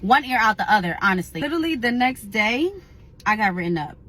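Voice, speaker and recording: A young woman tells her own story straight to her viewers in a casual voice. She sounds indignant and animated, and she acts out the lines of the people she quotes. Her voice is bright and forceful. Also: medium pitch, fairly quick. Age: young adult. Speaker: storyteller recounting a work experience.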